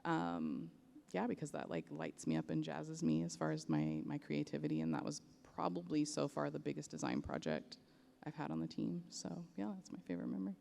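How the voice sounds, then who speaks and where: A woman's voice: low-pitched, animated, a little fast, gravelly, mellow. A woman on a convention panel, losing her voice, talking in a chatty, upbeat way about her design work. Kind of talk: panel discussion.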